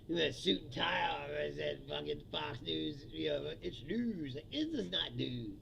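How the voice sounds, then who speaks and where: A man's voice: fairly high pitch, lively intonation, measured pace, creaky, pushed and bright, slight background noise. A male comedian in a profane, mocking political rant, often laughing at his own jokes.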